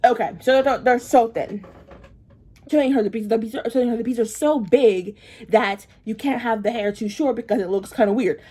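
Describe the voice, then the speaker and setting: A woman's voice: fairly high pitch, normal speed, warm tone, slightly rough. Rambling, frustrated woman vlogger. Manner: chatty, rambling, repeats phrases for emphasis; frustrated, venting. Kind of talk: casual storytime while getting ready.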